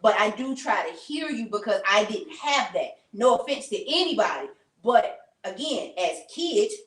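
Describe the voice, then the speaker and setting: A woman's voice: mid-range voice, big pitch swings, moderate pace, fairly bright tone, slight background noise. A woman co-hosting a podcast, chatting candidly about family. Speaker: podcast co-host. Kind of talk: casual group discussion. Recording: echoey room from far off.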